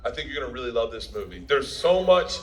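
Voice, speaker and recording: A man's voice: mid-range voice, very animated, fast talker, soft background music, poor audio. A man giving a speech at a premiere, telling a story in a brash, profane, laughing way and acting out the quotes. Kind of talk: stand-up style storytelling speech.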